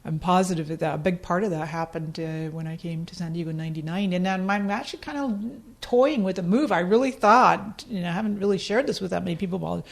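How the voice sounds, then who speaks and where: A middle-aged woman with a Scottish accent, a podcast guest telling stories in casual talk. She laughs often and acts out her own past remarks in a higher voice. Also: quick pace, vocal fry, hardly any pauses. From Scotland. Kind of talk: casual storytelling interview.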